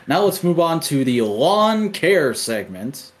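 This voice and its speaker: A man's voice: a little high, very animated, slow. A man co-hosting a podcast, rambling along in a casual, joking, profane way. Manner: rambling, profane, self-mocking. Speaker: podcast co-host.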